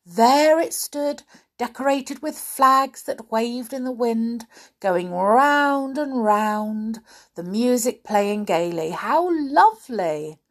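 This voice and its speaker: A woman's voice: fairly high pitch, slow pace. A woman reading a children's storybook aloud expressively, speaking to a young listener.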